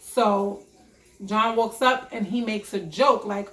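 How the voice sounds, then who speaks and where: A young woman vlogger telling a story in a casual storytime vlog, animated, profane and emphatic. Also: mid-range voice, takes it slowly, reverberant.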